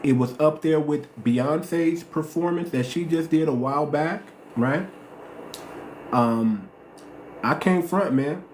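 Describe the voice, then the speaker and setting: A man's voice: a little high, slow pace, darkish tone. Slangy male streamer in an echoey room. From United States. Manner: slangy, repetitive, emphatic. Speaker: live stream host. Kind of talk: casual live-stream talk. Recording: roomy echo, faint noise.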